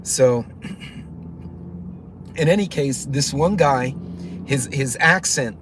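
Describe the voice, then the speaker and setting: A man's voice: mid-range voice, drawn-out words, background noise. A man hosting his own channel, telling a story in a casual, rambling way with many fillers and restarts, acting out other people's voices. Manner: acts out other people's voices while retelling. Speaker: channel host.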